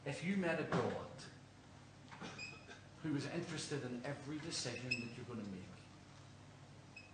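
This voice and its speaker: A man's voice: medium pitch, measured pace. An Irish man preaching a sermon in a church, earnest and questioning, telling stories to the congregation. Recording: roomy church, distant mic, faint hum.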